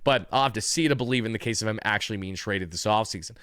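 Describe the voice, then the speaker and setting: Smooth-voiced man hosting sports talk. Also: lowish voice, quick pace, fairly bright tone, dry recording, clean studio sound. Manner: conversational, opinionated, corrects himself mid-sentence. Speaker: sports channel host. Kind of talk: opinionated sports commentary vlog.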